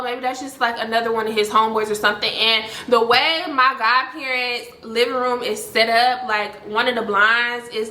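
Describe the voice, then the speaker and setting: Young woman vlogger, higher voice, lively storytime delivery, roomy echo. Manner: animated, acts out quoted lines, swears freely. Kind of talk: casual storytime. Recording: echoey room, faint noise.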